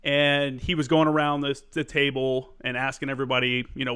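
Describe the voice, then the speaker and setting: A man's voice: mid-range voice, completely flat delivery, fairly quick, sharp tone, smooth. A man hosting a podcast, a former Marine sergeant, chatting candidly and swearing casually. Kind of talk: casual chat.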